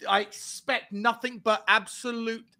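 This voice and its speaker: Fired-up male fan co-host, high bright voice, swears hard, hammers points by repetition. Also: level tone, unhurried. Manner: angry, swearing, emphatic repetition. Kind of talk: heated fan rant.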